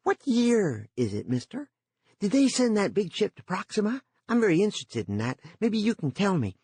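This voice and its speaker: A man's voice: sits high, wildly swooping pitch, moderate pace, darkish tone, breathy edge, no echo, pitched above the performer's own voice, full character voice. A man doing a pushy young dead man's voice. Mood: eager.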